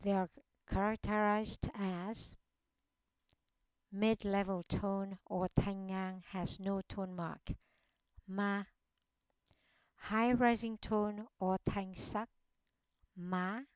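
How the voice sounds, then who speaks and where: A woman giving a slow, deliberate language lesson, carefully enunciating each example sound. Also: mid-range voice, fairly even intonation, darkish tone, smooth, no echo. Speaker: language teacher. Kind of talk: slow instructional narration.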